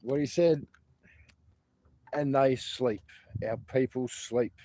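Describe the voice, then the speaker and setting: An Australian man hosts a loose, rambling livestream from outdoors. His talk is chatty and profane, full of asides and laughter, at an ordinary mid pitch. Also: takes it slowly, mellow, no echo. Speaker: protest livestream host. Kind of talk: casual rambling livestream chat. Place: outdoors at a protest site.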